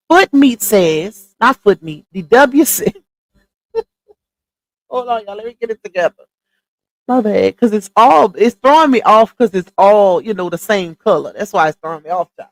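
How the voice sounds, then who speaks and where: A woman's voice: mid-range voice, expressive, measured pace, pauses often, no room sound, rough recording. A woman hosting a casual livestream, chatty, calling her viewers y'all and stopping often to dig up screenshots. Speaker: livestream commentary host.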